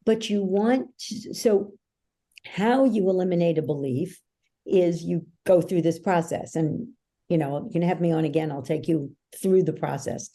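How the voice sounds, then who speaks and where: A woman guest on an interview podcast, a coach who explains her ideas through animated, emphatic stories. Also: lowish voice, normal speed. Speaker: guest, belief-change coach. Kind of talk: conversational interview.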